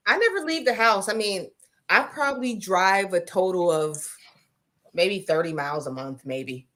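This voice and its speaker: An American woman in her forties chatting casually on a livestream, telling relaxed stories and reading out viewer comments. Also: mid-range voice, normal speed. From Pennsylvania, US. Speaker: co-host, crochet creator.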